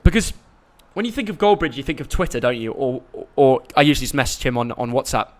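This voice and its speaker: A man's voice: medium pitch, lively intonation, quick pace. A young man, hosting a casual live stream and chatting in a rambling, jokey way. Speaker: YouTube host.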